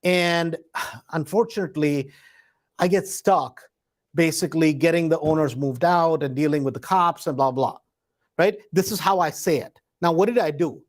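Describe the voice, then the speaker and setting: A man's voice: on the high side, moderate pace. Conversational man teaching, constant "right?". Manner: conversational, peppers points with a tag question "right?"; acts out door-knocking scripts in a hesitant, searching tone. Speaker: real estate investor teaching. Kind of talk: live instructional talk.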